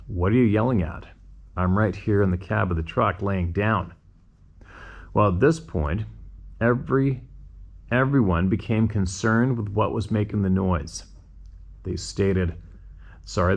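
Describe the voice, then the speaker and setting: Low-voiced man reading listener emails. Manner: conversational, musing rhetorical questions between readings. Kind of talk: reading listener emails aloud with casual commentary.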